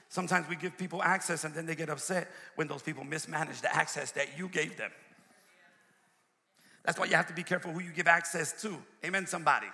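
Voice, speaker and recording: Male preacher, high bright edgy tone, emphatic call-and-response sermon delivery, long reverb. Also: a little fast. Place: church sanctuary.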